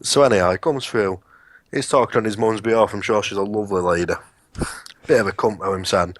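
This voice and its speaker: A man with a lowish voice co-hosts a casual podcast chat, telling workplace stories bluntly and with plenty of swearing. The sound is dry and close, with no room around it. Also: a little fast, no echo. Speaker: podcast co-host.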